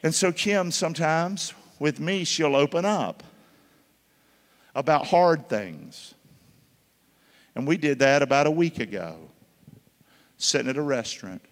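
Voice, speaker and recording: A male pastor preaching a sermon, calling out for answers from the congregation and swinging between loud and hushed. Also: a little high, animated, measured pace, pauses often. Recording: long hall reverb.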